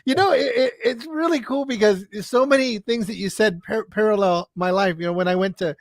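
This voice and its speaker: A man's voice: sits high, brisk, no room sound. A man hosting a podcast, talking casually in a rambling way with many restarts. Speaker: podcast host. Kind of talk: casual conversation.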